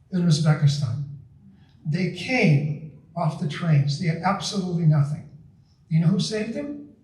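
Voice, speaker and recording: A man's voice: a little high, a little mellow. A man in his seventies with a slight Eastern European accent, telling stories during a public lecture, asking the audience rhetorical questions and checking in with "okay?" and "right?". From born in the Soviet Union, raised partly in Poland and the US. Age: 70s. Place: community center hall. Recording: echoey hall, far from the mic, faint noise.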